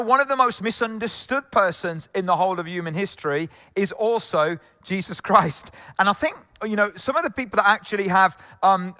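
Male pastor, from England, high bright tone, chatty jokey sermon in a reverberant hall. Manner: conversational, jokey, many asides.

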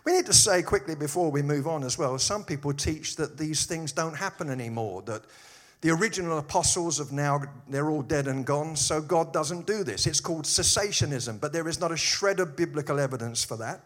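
Give me a man preaching a sermon with animated, joking asides. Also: fairly high pitch, fairly quick, few pauses. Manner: animated storytelling with humorous asides. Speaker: pastor.

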